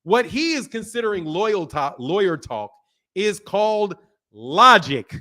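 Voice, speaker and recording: A man hosting a live boxing talk stream, reading out donations, animated and laughing with loud outbursts. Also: high-pitched, measured pace. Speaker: boxing channel host.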